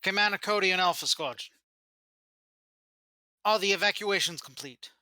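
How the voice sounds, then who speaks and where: A man's voice: high voice, moderate pace, pushed and bright, dry recording, voice pushed up. A man voicing a brash male commander who barks orders at guards in a put-on Australian accent. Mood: commanding. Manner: brusque, commanding.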